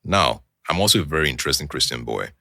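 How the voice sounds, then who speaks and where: In studio-quality audio with no room sound, a young Nigerian guest on a podcast tells a personal story in casual conversation. His bass voice carries vocal fry and a Nigerian English accent, and he talks fast, animatedly performing the dialogue he quotes.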